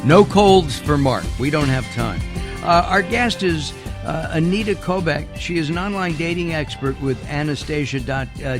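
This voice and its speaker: A middle-aged man hosting a radio health talk show, joking and chatty, with stumbling restarts. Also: medium pitch. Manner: jokey, chatty, with filler restarts.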